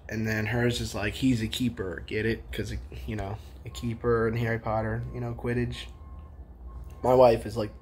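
Excited young man vlogging. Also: mid-range voice, a little hiss or hum. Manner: excited, rambling with restarts. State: tired after little sleep. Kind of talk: casual vlog.

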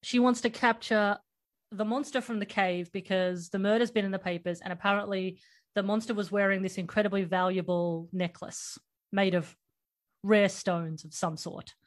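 A woman's voice: mid-range voice, fairly even intonation, normal speed. A woman hosting a podcast, recapping a movie in casual chat and laughing often. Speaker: podcast host.

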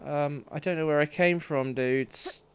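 A man's voice: on the high side, measured pace, a little hiss or hum. A man livestreaming gameplay commentary, frustrated and swearing through exasperated outbursts. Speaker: let's play streamer.

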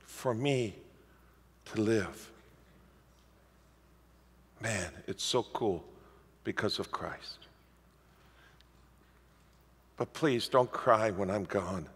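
Male preacher with a gravelly edge, animated storyteller, heard in a reverberant church hall. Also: fairly low pitch, slow pace, long pauses. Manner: lively storytelling preacher, animated swings in loudness. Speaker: pastor. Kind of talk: sermon.

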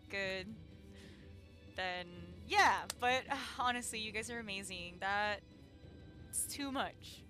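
Young woman, streamer, casual live chat, bright tone, slow unhurried talk, faint background music. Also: mid-range voice. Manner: giggly, flustered, emotional.

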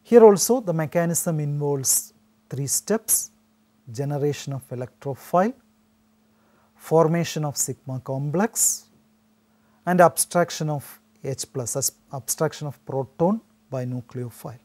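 A man teaching chemistry in a steady, explanatory lecture. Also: on the high side, measured pace. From India. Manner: steady explanatory delivery with frequent "so" restarts. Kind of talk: recorded classroom lecture.

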